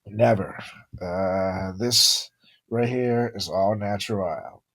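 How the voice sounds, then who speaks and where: A man's voice: fairly low pitch, takes it slowly, a bit bright. A man co-hosting a comedy podcast, bantering crudely, laughing often and swearing freely. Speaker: podcast co-host.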